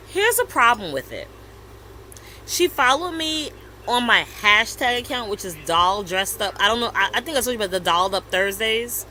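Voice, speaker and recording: A woman in her thirties with a bright, forceful voice chats casually on a podcast. She tells her story with lively, acted-out retellings of what others said, over a faint hiss of background noise. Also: mid-range voice, brisk, rough recording. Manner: animated storytelling, acts out quoted messages. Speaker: podcast co-host. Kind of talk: casual chat.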